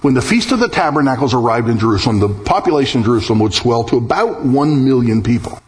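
A pastor preaching a sermon to his congregation, emphatic and animated, chuckling now and then. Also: quick pace. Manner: animated, emphatic preaching with wide pitch swings.

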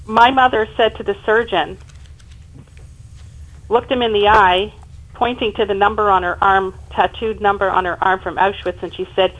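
A woman in her fifties speaks as an interview guest. She tells her story emphatically, with animated rises in her mid-pitched voice. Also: normal speed, highs cut off. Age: 50s. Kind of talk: personal storytelling in conversation.

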